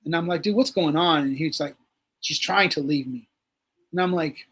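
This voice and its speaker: A man with a husky, slightly raised voice tells a story loosely on a livestream. He acts out the quotes as he goes and swears freely. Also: fairly high pitch, moderate pace, fairly bright tone. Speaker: guest.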